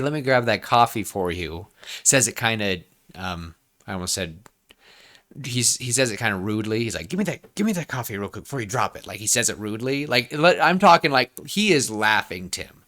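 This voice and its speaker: A man in his twenties co-hosting a podcast, brainstorming in a rambling, excitable way with lots of restarts. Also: lowish voice, normal speed. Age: 20s. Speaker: podcast co-host. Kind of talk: casual brainstorming chat.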